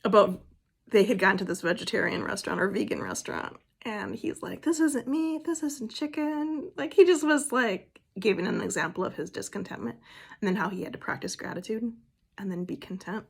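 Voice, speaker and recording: A woman's voice: medium pitch, a little fast, creaky, husky. Rambling woman vlogger, casual chat. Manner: rambling, emotional, soft-spoken at times.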